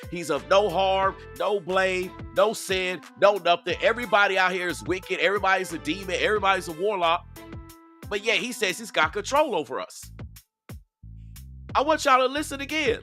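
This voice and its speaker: Outdoors, a man hosts a casual live-stream commentary, speaking straight to his viewers and repeating himself for emphasis. His voice sits high and sounds bright and forceful at a normal speed. Soft music plays in the background.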